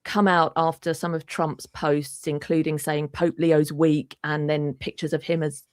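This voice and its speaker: A woman from England hosting an interview, chatting in a friendly way with quick asides. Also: low voice, flat delivery, darkish tone, no echo, clean studio sound. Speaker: host. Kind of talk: conversational interview.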